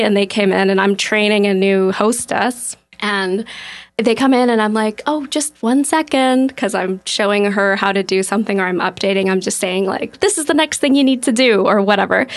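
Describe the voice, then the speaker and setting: A woman's voice: medium pitch, normal speed. A young woman telling a workplace story in a casual podcast chat, acting out what people said. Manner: animated storyteller, acts out quotes.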